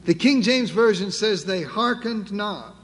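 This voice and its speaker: A man preaching a sermon, emphatic and building through repeated phrases and pauses. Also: sits high, lively intonation. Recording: long reverb, faint background noise.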